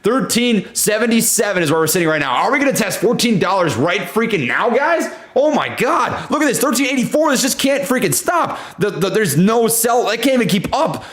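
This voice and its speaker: A young man hosting a live stock trading stream, giving excited market commentary and repeating himself as prices move. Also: sits high, brisk, few pauses, roomy sound. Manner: hyped, shouts and laughs at price moves, repeats phrases. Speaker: stock trading livestream host. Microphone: desk studio mic.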